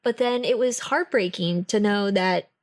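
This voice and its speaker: A woman's voice: medium pitch, a little slow. A woman co-hosting an audiobook review podcast, chatting casually in playful, jokey banter. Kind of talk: casual chat.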